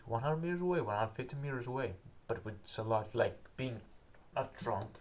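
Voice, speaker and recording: A man's voice: mid-range voice, expressive, a little hiss or hum. A young man, an English speaker, telling a story casually and rambling, searching for words. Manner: rambling, halting, searches for words, acts out quotes loudly.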